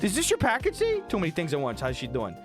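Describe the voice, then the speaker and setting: A man hosts a livestream, chatting casually with a high voice that swings widely in pitch. He tells stories in an excitable, profane rush. Music plays clearly behind him. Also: fast talker. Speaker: livestream host. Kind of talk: casual chat. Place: home streaming room.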